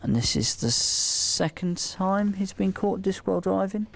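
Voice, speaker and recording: A British traffic police officer, firm and dryly sceptical with a suspect at a roadside stop. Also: male voice, sits high, expressive, unhurried, vocal fry. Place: roadside at night, outdoors.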